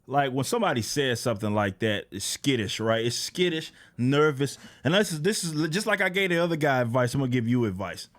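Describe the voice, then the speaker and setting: A man's voice: fairly quick, hardly any pauses, faint music behind. Mocking casual male commentator. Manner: casual mocking, repeats words, rises in pitch when animated. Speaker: YouTube commentator. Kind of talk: reaction commentary.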